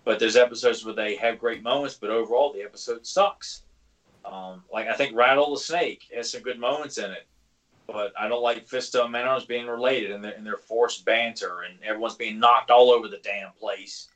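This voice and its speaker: A man's voice: medium pitch, moderate pace, fairly bright tone, low-quality recording. A man co-hosting a casual fan podcast, rambling and opinionated, with many fillers. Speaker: podcast co-host.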